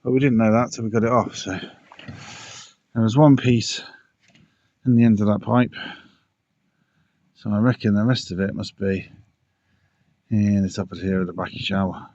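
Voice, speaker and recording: A man's voice: lowish voice, fairly even intonation, normal speed, pauses often, mellow, no echo. A man casually talking through pond repairs outdoors, muttering to himself and out of breath, recorded on dull lo-fi audio. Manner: muttering, self-talking while working. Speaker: pond keeper vlogger. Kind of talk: casual DIY vlog commentary.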